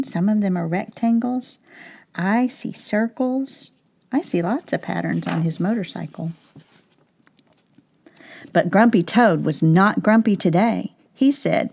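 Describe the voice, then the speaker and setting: A woman teacher reads a picture book aloud to young children, taking her time over every line. Her voice has a gravelly, creaky texture at the ends of phrases, and she keeps stopping to ask the children questions. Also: on the low side, dark tone. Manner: slow, clear, asks questions of child viewers.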